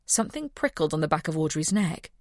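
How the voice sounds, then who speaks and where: A woman reads a mystery novel aloud in steady narration. Her voice sits a little low. The recording is dry and close. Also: fast, no echo. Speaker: audiobook narrator. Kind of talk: scripted narration.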